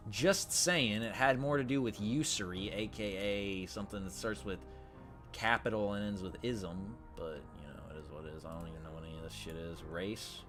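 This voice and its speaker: Over background music, a gaming channel host gives crude, sardonic, casual let's-play commentary at a desk mic. His voice is on the low side at a normal speed.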